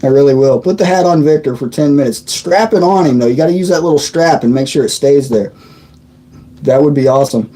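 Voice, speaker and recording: On a relaxed live stream, an Indiana man in his thirties jokes around while reading viewer comments, laughing a lot and tripping over his words before starting again. He talks briskly in a slightly high, warm voice, though the audio is poor.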